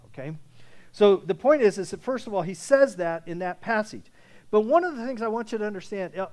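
A man preaching a sermon in a casual, conversational way, checking in with his listeners and rising to loud, emphatic scripture readings. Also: high-pitched. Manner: conversational preaching with frequent "okay?" check-ins. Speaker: pastor.

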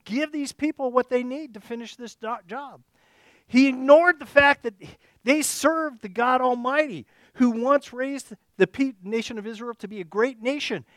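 High-voiced man preaching conversationally. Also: a bit bright, dry recording, clean studio sound. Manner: conversational preaching, frequent restarts and rhetorical "okay?" checks. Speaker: pastor. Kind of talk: sermon. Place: church service.

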